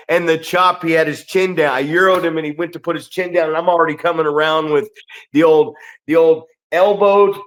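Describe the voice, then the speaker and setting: A man co-hosting a casual wrestling podcast, with a somewhat high voice for a man. He tells ring stories in an animated way, swears often and acts out the people in them.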